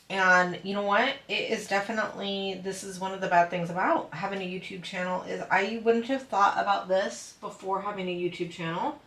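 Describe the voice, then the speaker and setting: A woman's voice: pushed and bright, roomy sound, far from the mic. A woman hosting a hobby channel, chatting casually to viewers and acting out what other people said. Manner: chatty, acts out quoted people in a higher voice. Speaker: diamond painting channel host. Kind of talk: casual chat to a live audience.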